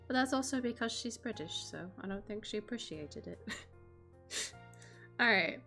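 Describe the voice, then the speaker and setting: A woman's voice: medium pitch, normal speed, gravelly, long pauses, sharp tone, soft background music. A young American woman streaming a game, reading its text aloud with dramatic flair and chatting casually, swearing and laughing along the way.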